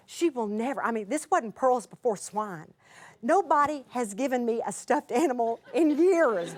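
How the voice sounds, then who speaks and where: A middle-aged woman telling a heartfelt story in a talk, expressive, moving between lively and hushed. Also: a little high, brisk, some chatter behind. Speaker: Bible teacher.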